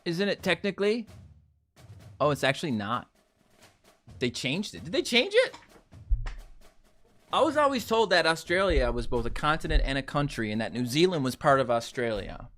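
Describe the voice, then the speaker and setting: A young man giving casual gameplay commentary to his viewers, chatty and animated, ranting playfully as he plays. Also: on the high side, normal speed, long pauses, soft background music. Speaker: gaming YouTuber.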